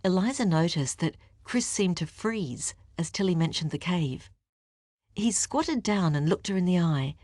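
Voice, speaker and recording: A woman narrating an audiobook with a steady, expressive reading. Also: lowish voice, measured pace, no room sound, clean studio sound. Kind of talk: scripted narration.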